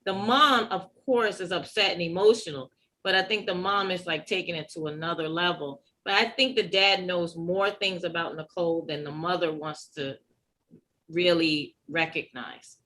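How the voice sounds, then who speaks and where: A woman co-hosting a casual TV recap chat, giving measured, thoughtful opinions. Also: on the low side, bright, forceful tone, low-quality recording. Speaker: podcast co-host.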